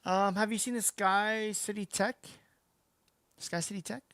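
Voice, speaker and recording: Give me a chatty woman streamer talking through a match, mid-pitched voice, dry sound. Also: fairly even intonation, measured pace, fairly bright tone, dry recording. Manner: chatty, reacts aloud to the match. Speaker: game streamer. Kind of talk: casual livestream commentary.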